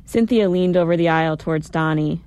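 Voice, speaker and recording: A woman reading a first-person story aloud in a steady, even storytelling manner. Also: fairly low pitch, fairly quick, no echo.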